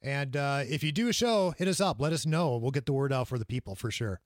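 A man's voice: medium pitch, animated, quick pace, dry recording, clean studio sound. A man hosting a show, asking a musician casual interview questions in a friendly way with a few fillers. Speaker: radio show host.

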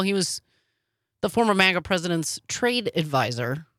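A woman co-hosting a casual news chat, sarcastic and quick with asides. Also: mid-range voice, sing-song, sharp tone, no echo, clean studio sound. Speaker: podcast co-host.

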